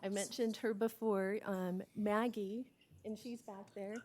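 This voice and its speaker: American woman reading a county report, mellow level voice, earnest and steady. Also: mid-range voice, unhurried, slight background noise. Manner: steady and earnest, becoming emotional and hesitant. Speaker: victim services presenter at a county meeting. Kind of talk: reading a prepared report, then answering questions.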